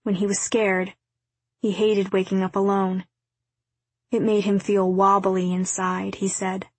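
Husky, flat-voiced woman reading a novel. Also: mid-range voice, measured pace, no room sound. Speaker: audiobook narrator. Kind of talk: scripted narration.

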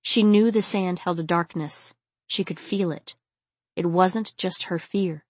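A woman narrating a novel in a steady, intimate storytelling manner. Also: lowish voice, a little slow, no echo. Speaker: audiobook narrator. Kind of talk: scripted audiobook narration.

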